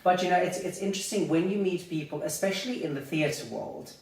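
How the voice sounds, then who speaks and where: A man's voice: high-pitched, a little fast, a little mellow. A man, a hairdresser hosting a salon chat, talking casually and leaning on "you know" as he thinks aloud. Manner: conversational, many "you know" fillers. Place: hair salon. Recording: echoey room from far off.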